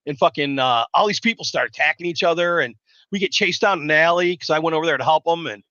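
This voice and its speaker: Guy swearing nonstop on a live stream, bright pushy voice, muffled dry sound. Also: fairly high pitch, dry recording. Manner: loud, rambling, swears constantly. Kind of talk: profane casual storytelling chat.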